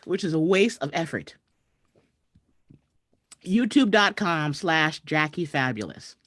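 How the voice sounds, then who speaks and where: A woman hosting a casual livestream from home, chatting and shouting out viewers over a video call mic. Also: lowish voice, dry recording, clean studio sound. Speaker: host. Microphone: computer mic on a video call.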